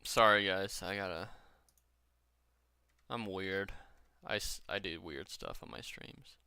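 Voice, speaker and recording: A man from Washington talks his way through a gaming stream in a loose, rambling, profane way, a little drunk. His lowish voice is very bright and crisp. The sound is dry and close. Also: slow pace, dry recording. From Washington state. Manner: rambling, profane, chatty with viewers. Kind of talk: casual stream chat.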